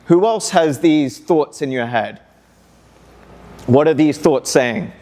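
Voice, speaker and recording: Upbeat guy giving a pep talk to students, slightly high voice, keeps getting them to shout stuff back. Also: slow. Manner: energetic, call-and-response, coaxing audience. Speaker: motivational speaker. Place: school hall.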